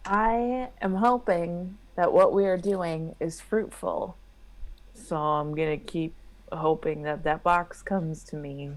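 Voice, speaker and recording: A woman playing a tabletop game, musing in an unhurried way. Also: on the low side, fairly even intonation. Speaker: player.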